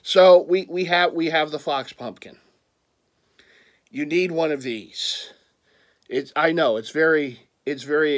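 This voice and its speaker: Stammering Philly-accented man vlogging. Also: on the high side. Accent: Philadelphia. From Philadelphia area. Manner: rambling, stammering restarts, playful teasing. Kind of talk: casual vlog chat showing purchases.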